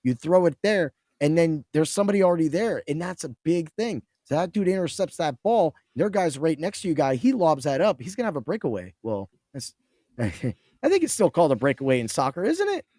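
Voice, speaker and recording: A man in casual chat as a podcast guest, excitable and rambling, with restarts. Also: on the high side, a little fast, no echo, clean studio sound.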